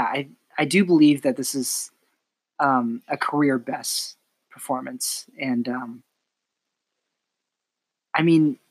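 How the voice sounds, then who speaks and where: A man's voice: medium pitch, vocal fry, low-quality recording. A man on a podcast, playfully discussing films and awards in casual conversation. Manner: playful, quick to joke and laugh. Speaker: podcast co-host.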